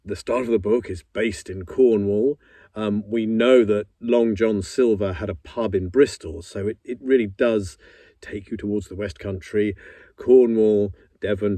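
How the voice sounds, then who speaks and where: Casting: middle-aged male narrator, dark mellow tone, thoughtful and earnest, dry studio mic. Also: slightly rough, no echo. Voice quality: low voice. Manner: reflective, earnest, musing with pauses. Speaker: audiobook narrator. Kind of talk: casual behind-the-scenes talk. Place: professional home studio. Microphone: studio microphone.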